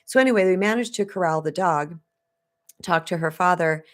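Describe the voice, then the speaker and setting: A woman's voice: on the low side, moderate pace. A woman spiritual coach from Arizona telling a personal story on a live stream, chatty and conversational, talking straight to her viewers.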